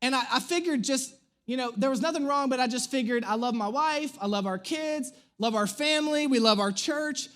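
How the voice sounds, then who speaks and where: A man in his thirties, a pastor, telling a humorous personal story in an animated, self-mocking way during a sermon. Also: very high-pitched, moderate pace, clean tone. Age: 30s. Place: church stage.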